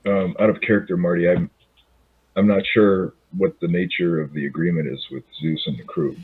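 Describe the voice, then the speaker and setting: A man's voice: low voice, fairly even intonation, moderate pace, slightly rough. A man as a player in a tabletop role-playing game, asking unsure questions over a tinny call line.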